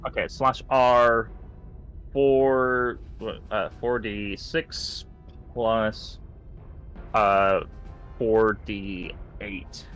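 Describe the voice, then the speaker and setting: A man playing in a tabletop game, talking casually and haltingly with many fillers. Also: lowish voice, fairly even intonation, a bit bright, clean tone, faint music behind. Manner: hesitant, many fillers, describes spells loosely. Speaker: player.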